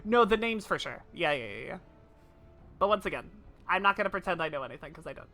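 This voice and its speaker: A woman's voice: on the low side, animated, quick pace, a bit bright, soft background music. A woman streaming a game, chatting casually, laughing often and speaking emphatically. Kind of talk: casual live-stream chat while playing.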